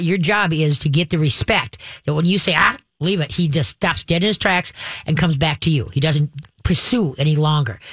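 Woman dog-training host, brisk and practical, demonstrates commands calmly, dry close recording. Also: low voice, dry recording. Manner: direct, instructive, acts out calm dog commands; frequent checks like "okay?" and "all right?". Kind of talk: casual advice to a caller.

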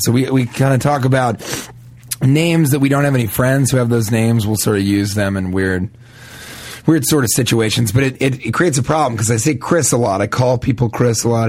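A man from Denver chatting on a comedy podcast, rambling and playful with quick jumps into silly voices. His voice sits at a middle pitch, and the recording is dry and close with no room sound. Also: a little mellow, no echo. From Denver, USA. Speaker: comedian guest. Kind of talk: casual comedy podcast chat.

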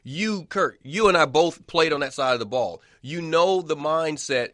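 A man's voice: on the high side, lively intonation, moderate pace, fairly bright tone, dry recording. Guy breaking down football on the radio, punchy and repeats himself, dry close sound. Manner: emphatic, repeats words for stress. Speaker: football analyst, co-host. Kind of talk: sports radio talk.

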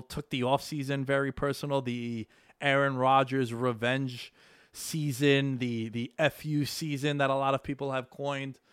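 A man's voice: medium pitch, a bit bright, smooth, no room sound, studio quality. A man hosting a solo sports podcast, talking loosely and with energy, swearing casually. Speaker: podcast host. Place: home studio, New York.

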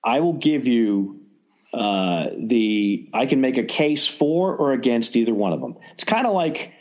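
A man hosting a casual sports podcast in an enthusiastic, rambling way. He often restarts his sentences and speaks at an ordinary mid pitch. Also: lively intonation, a little slow, a little mellow. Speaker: podcast host.

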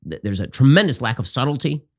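A man hosting a political commentary show, talking in a sarcastic, rapid-fire, mocking way. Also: medium pitch, big pitch swings, a bit bright.

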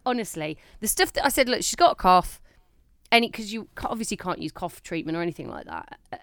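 Woman in her 30s chatting on a podcast, clear smooth voice, dry sound. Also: fast talker, no room sound. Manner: animated storytelling, acting out quotes with big pitch jumps. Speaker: podcast co-host. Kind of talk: casual chat.

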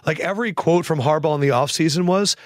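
Playful quick-talking male host. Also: fairly high pitch, no echo, studio quality. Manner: quick, playful, laughs easily. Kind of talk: casual sports chat. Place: studio office.

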